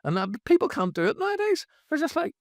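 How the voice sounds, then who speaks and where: A man guesting on a comedy podcast, telling stories in a playful, animated way. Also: very high-pitched, fast, dry recording, studio quality. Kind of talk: casual comedy podcast chat.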